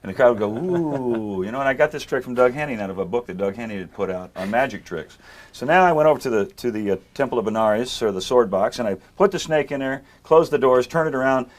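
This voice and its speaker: A man's voice: medium pitch, animated, fast talker. An older man, a magician, telling comic stories in a chat-show interview, doing voices for the people he quotes. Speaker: magician guest. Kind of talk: storytelling interview.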